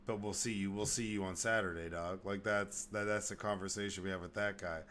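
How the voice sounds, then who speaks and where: A man's voice: on the low side, fairly even intonation, a little fast, fairly bright tone, slight background noise. A man from Texas hosting a podcast, ranting in casual, profane chat and mocking people in put-on voices. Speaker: podcast host.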